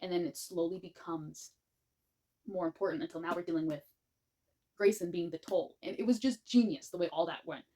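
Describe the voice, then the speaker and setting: A woman reviewing a book series in a gushing, animated way, rambling with many restarts. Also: lowish voice, brisk. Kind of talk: casual spoken book review.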